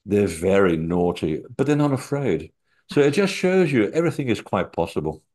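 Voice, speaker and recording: Man, low voice, interview guest, rambling anecdotes, lots of ums and uhs. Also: sing-song, moderate pace, darkish tone. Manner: rambling anecdotal storytelling with frequent fillers. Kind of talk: casual chat.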